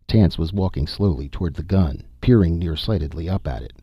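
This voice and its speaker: A man reading a science-fiction story aloud in a steady, even narration. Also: low-pitched, brisk, hardly any pauses, slightly rough, no room sound, highs cut off. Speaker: audiobook narrator. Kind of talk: scripted narration.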